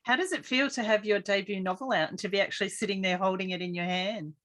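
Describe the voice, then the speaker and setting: A woman's voice: mid-range voice, steady tone, quick pace, a bit bright. A woman hosting a podcast in a casual, chatty, effusive interview style from a small studio. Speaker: podcast host.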